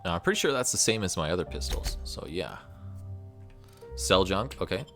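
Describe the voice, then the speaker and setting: A man's voice: deep voice, very animated, moderate pace. A man giving casual gameplay commentary while he plays, laid-back and thinking aloud, often repeating words. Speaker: gaming streamer. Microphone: USB desk microphone. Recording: game music under the voice. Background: game music.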